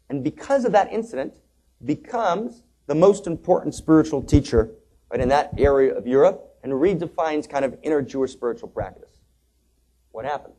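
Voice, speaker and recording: A man giving a spiritual lecture, telling a story dramatically, dropping to hushed asides and rising to loud outbursts, and slowly chanting liturgical phrases. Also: on the high side. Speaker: spiritual teacher.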